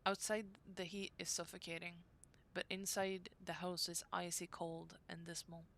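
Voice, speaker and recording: A woman reading aloud the diary entries of a young woman devoted to her brother, in an earnest, unhurried way. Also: lowish voice, little pitch movement, fairly bright tone, a little hiss or hum. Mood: anxious.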